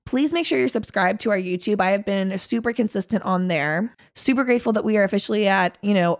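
A woman in her twenties hosting a podcast solo, talking candidly and rambling, with plenty of swearing and self-mocking jokes. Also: medium pitch. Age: 20s. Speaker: podcast host. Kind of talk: casual solo podcast monologue.

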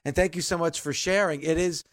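A man's voice: fairly high pitch, steady tone, a bit bright, dry recording. Male podcast host, dry sound. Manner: measured, sums up then reads outro. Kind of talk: podcast hosting and outro.

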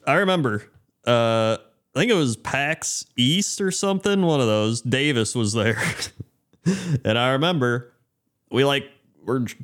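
A man co-hosting a podcast, chatting casually in a relaxed, laid-back way. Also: medium pitch. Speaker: podcast co-host. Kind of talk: casual chat.

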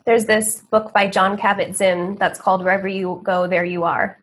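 A woman hosting a podcast interview, asking questions in a gentle, affirming way. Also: mid-range voice, steady tone, moderate pace. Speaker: podcast host.

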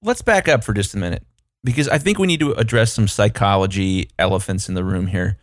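A male podcast co-host in casual business chat, animated and acting out what imagined clients say in shifting voices. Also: lowish voice, brisk, no room sound, studio quality. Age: adult, past his younger years.

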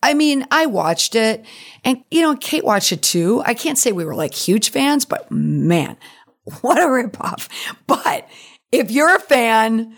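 A middle-aged woman hosting a podcast, telling stories in a chatty, digressive way, her voice slightly creaky. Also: a little high, sing-song, takes it slowly. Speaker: podcast host and PR professional. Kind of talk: casual monologue.

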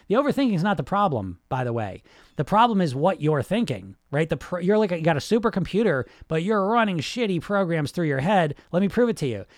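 A man delivers a fast, blunt motivational monologue, peppered with profanity. His voice sits a little high for a man. The sound is dry and close, with no room behind it. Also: no echo. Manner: blunt, profane, rapid-fire. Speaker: podcast host and weight-loss hypnotist.

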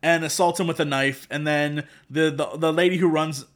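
A man co-hosting a casual podcast, recapping a movie with sarcastic, animated storytelling and mock quotes. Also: fairly high pitch, normal speed. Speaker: podcast co-host.

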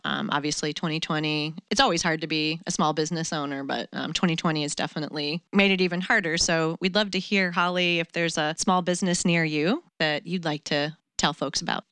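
A woman's voice: low-pitched, sharp tone, clear, resonant tone, no echo, studio quality. A woman from Ohio hosting a marketing podcast, introducing a guest in a loose, giggly way. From United States (Ohio). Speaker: podcast host. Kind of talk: casual interview chat.

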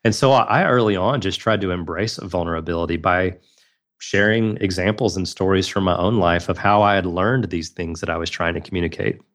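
A man's voice: low voice, brisk, a bit bright. A man guest on a podcast interview, telling a personal story in an earnest, reflective way. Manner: earnest, reflective, with frequent restarts. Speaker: guest, magician and speaker.

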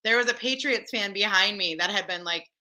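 A woman guest telling a story in casual chat, animated and full of fillers. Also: mid-range voice, fairly quick, low-quality recording. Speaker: podcast guest.

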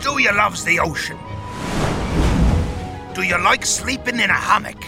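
A man doing a gravelly British pirate. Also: high-pitched, measured pace, loud music behind the voice. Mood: bossy. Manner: growly pirate talk, playful and bossy. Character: gruff British male pirate, boisterous. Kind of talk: children's educational podcast.

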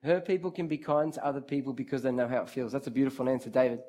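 A man's voice: medium pitch, racing. A man giving an interactive sermon, speaking straight to his listeners, calling on them by name and repeating key phrases for emphasis. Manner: lively, talks straight to the crowd, calls on listeners by name. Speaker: preacher leading a youth group.

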